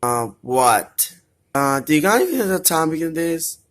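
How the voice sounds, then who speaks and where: Rambling toy play voice, halting, slow, bouncy pitch. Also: sing-song. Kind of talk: toy play-acting narration.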